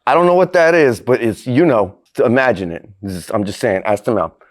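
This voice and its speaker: A man's voice: mid-range voice, animated, brisk. A man hosting a crude comedic cooking vlog, brash and profane, laughing often. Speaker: host.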